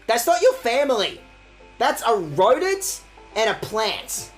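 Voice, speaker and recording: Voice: wildly swooping pitch, slow pace, soft background music. A streamer giving casual, rambling let's-play commentary, swearing and mocking themself. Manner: rambling, crude, self-mocking jokes, swinging pitch. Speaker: game streamer.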